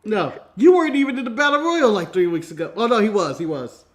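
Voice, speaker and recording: A man's voice: high voice, animated, fast talker. A man from the United States co-hosting a casual wrestling podcast, playful and swearing, often laughing through his words. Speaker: co-host.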